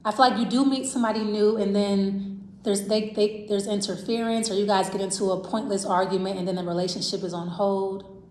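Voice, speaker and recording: A woman's voice: medium pitch, steady tone, fairly quick, a little mellow. A woman giving a casual tarot reading to camera, rambling and repeating herself as she talks straight to the viewer. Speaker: tarot reader. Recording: roomy echo.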